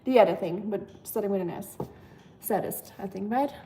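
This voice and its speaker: Young woman, German accent, casual stream chat, rambling with fillers, mellow voice, faint background noise. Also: medium pitch, normal speed. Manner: chatty, rambling with many fillers. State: tired. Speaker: livestream host. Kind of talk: casual livestream chat reading comments.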